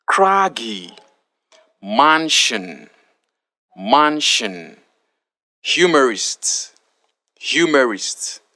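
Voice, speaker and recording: A male pronunciation tutor reads a spelling word list at a very slow, careful pace. His tone is bright and forceful, and he says every word twice so that learners can follow. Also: on the low side.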